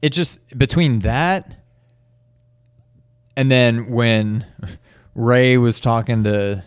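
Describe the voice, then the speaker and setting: A man's voice: medium pitch, extremely slow, clean tone, no echo. Man, podcast co-host, casual chat, easygoing, reflective, dry close sound. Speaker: video game podcast co-host.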